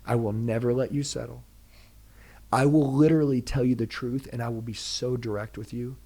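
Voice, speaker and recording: A man giving an intense motivational pitch as a podcast guest, direct and preachy, firing off rhetorical questions. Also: steady tone, moderate pace, dark tone. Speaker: sales trainer, podcast guest.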